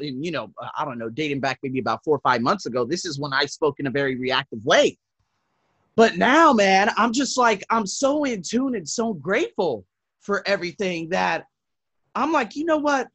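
A man hosting a self-help podcast, telling casual stories with swearing and laughter, swinging between loud and soft. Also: a little high, expressive, moderate pace, husky, no echo. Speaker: podcast host. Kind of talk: casual storytelling monologue.

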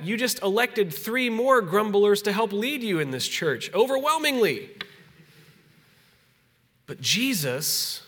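Bright-voiced male pastor preaching. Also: high-pitched. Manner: conversational preaching that drops soft and slow on solemn points. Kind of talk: sermon.

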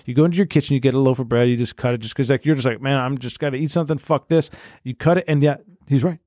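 A man's voice: medium pitch, a little mellow, dry recording, studio quality. A man co-hosting a podcast, telling absurd stories in second person and swearing freely. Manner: rapid, profane storytelling in second person. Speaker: podcast co-host. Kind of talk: casual comedic chat, improvised stories.

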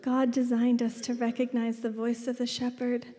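Here the woman pastor, in her thirties, speaks in a warm, monotone, slightly high voice at a normal pace. Her sermon is chatty storytelling full of laughter, with whispers in tender moments, echoing with long reverb through a large church hall.

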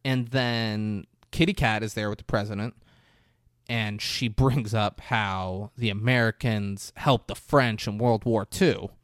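A man co-hosting a casual podcast, retelling film scenes in an animated way, often laughing and jumping into loud high voices for the characters. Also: measured pace, clean tone, dry recording, studio quality. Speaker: podcast co-host recapping a film. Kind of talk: casual chat.

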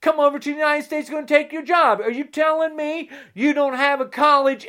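A man delivering a heated, insulting rant straight to camera, swinging between shouting and a low, menacing growl. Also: fairly even intonation, fairly quick, hardly any pauses. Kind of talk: angry political rant to camera.

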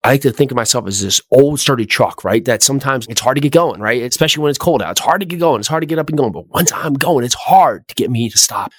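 A middle-aged man hosting a motivational podcast, speaking with energetic, repetitive emphasis and rhetorical questions. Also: medium pitch, fast, few pauses, slightly rough, no echo, studio quality. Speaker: podcast host.

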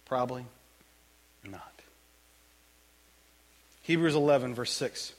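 A male pastor preaching a sermon in a church, joking and conversational in an animated way. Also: fairly high pitch, moderate pace, long pauses.

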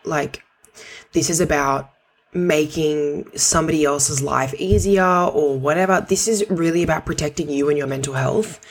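Podcast host lady, low husky voice, blunt practical advice, swears casually sometimes. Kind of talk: conversational advice talk.

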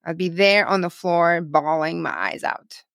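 A woman's voice: fairly low pitch, measured pace, vocal fry, fairly bright tone, dry recording, clean studio sound. A woman from Ukraine, a guest in an interview, telling her faith story in an earnest, emotional way with many repetitions. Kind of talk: personal testimony in a podcast interview.

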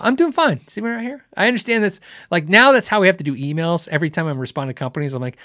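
A man's voice: fairly high pitch, fast talker, pushed and bright, dry recording, studio quality. A man hosting a live guitar show, chatting casually with viewers, rambling and laughing as he acts out quotes. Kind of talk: casual live-stream chat answering viewer questions.

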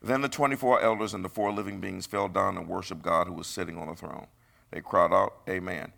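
Preacher, middle-aged man, gravelly low voice, emphatic sermon delivery. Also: fairly quick, pushed and bright.

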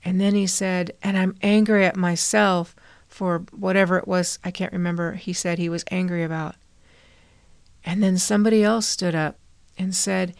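Middle-aged woman, solo podcast host, earnest storytelling, gravelly but smooth, dry close sound. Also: mid-range voice, normal speed, dry recording. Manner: earnest, recounting a story with quoted lines. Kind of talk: reflective solo podcast talk.

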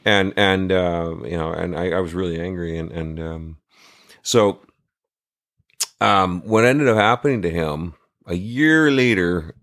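A man with a low, deep voice spins a casual, rambling story as a podcast guest. He talks loosely, swears now and then and trips over restarts and fillers as he goes. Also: a little slow, fairly bright tone.

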